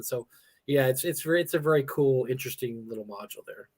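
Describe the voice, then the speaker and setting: A man's voice: mid-range voice, fairly quick. A man co-hosting a casual gaming talk stream, rambling and chuckling as he acts out quoted players. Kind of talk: casual chat.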